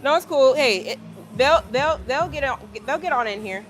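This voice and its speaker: A woman's voice: sits high, animated, normal speed, soft background music. A young woman from Virginia chatting casually with her livestream viewers from a gym, talking them through her workout. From Virginia, United States. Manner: chatty, addresses viewers as y'all. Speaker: livestreaming fitness creator. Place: gym, indoors.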